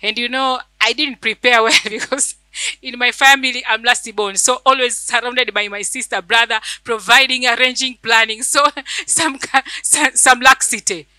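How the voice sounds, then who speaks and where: A woman's voice: on the high side, steady tone, normal speed, pushed and bright, dry recording, poor audio. A woman church elder, preaching a fervent sermon and telling a personal testimony, repeating phrases for emphasis.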